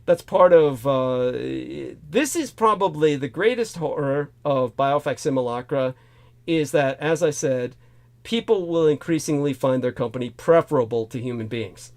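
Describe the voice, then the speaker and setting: A man's voice: medium pitch, a little slow, a little mellow. A man hosting a casual talk show, rambling through a film discussion with many fillers and restarts. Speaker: host.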